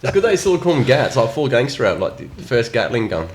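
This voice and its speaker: A man's voice: mid-range voice, very animated, fast. A man hosting a podcast, throwing in short questions and reactions. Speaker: podcast host. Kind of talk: casual interview chat.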